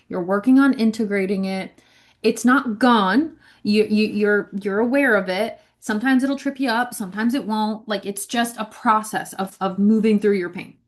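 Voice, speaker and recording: Chatty woman giving spiritual teaching. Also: medium pitch. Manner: conversational, frequent "right?" and "like", repeats words. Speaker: ministry leader. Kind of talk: casual spiritual teaching monologue.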